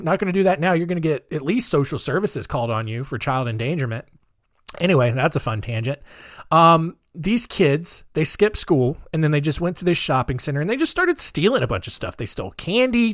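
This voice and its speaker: An American man hosts a podcast, telling a story in a chatty, rambling way peppered with sarcastic asides. He speaks at a moderate pace with a fairly high, lively voice and a fairly bright tone, recorded dry at studio quality.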